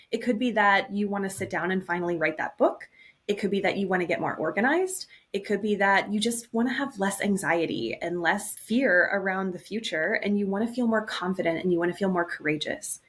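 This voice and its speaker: Reflective woman hosting a solo podcast. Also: medium pitch. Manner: reflective, earnest and gently upbeat. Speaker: podcast host and coach.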